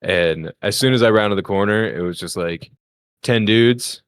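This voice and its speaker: Chatty man with a dry, low voice. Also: a little slow, clean tone, no room sound. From Philadelphia area. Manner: chatty, acts out the people in his stories in a higher voice. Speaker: podcast co-host. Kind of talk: casual comedic storytelling.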